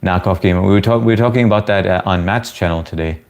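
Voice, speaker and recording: A man's voice: sits low, quick pace, vocal fry, darkish tone. A man from the US chatting casually with viewers on a livestream, laid-back and talkative. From United States. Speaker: live streamer answering chat.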